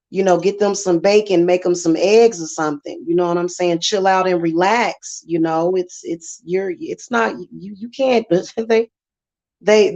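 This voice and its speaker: A woman's voice: lowish voice, darkish tone. Sassy chatty woman, dull lo-fi sound. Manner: chatty, sassy, repetitive fillers. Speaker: spiritual channel host. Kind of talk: casual monologue.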